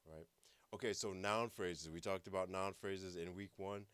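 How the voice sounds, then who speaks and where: A man's voice: low-pitched, fairly even intonation, unhurried, a bit bright, clean tone, no echo. A man teaching a language class, patiently explaining and repeating words for practice. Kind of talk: online language lesson.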